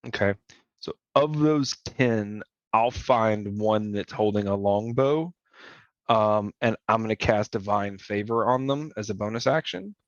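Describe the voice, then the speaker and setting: Male tabletop player, low voice, methodical thinker, dry lo-fi recording. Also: unhurried, no echo. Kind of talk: tabletop game play.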